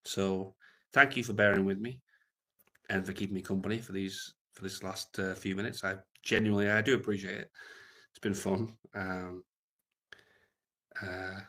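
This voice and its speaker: A man's voice: low-pitched, steady tone, moderate pace, pauses often. A British man rambling crudely and jokily through an unscripted livestream, reading out viewer comments. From Britain. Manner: rambling, crude, jokey, trails off quietly.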